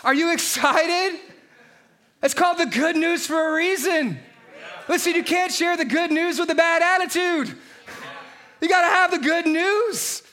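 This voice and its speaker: A male pastor preaching a fired-up sermon, his voice very high and bright with a forceful edge. He swings into shouts on key lines and keeps hitting the congregation with rhetorical questions. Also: measured pace. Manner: energetic, animated preaching with frequent shouted lines.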